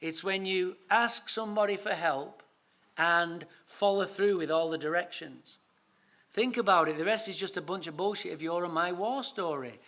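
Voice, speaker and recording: A man with an English accent tells his story to a recovery meeting, lively and funny, with swearing thrown in. His voice sits high for a man and has a bright, sharp edge. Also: moderate pace. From England. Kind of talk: storytelling talk.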